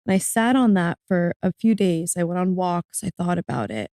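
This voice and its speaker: A woman's voice: expressive, normal speed, vocal fry, few pauses, dark tone, no echo, clean studio sound. Earnest woman telling a personal story. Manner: earnest and reflective, voice rising high when moved to tears. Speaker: guest, author.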